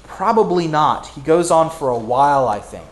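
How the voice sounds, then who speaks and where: A man's voice: a little high, expressive, moderate pace, roomy sound. A man preaching a sermon in a casual storytelling way, full of fillers and restarts.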